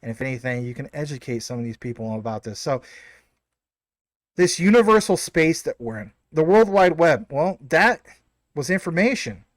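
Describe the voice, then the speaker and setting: A man hosting his own video, explaining ideas casually with rhetorical questions, fillers and quick self-corrections. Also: on the high side, sing-song, no echo, studio quality. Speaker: crypto video host.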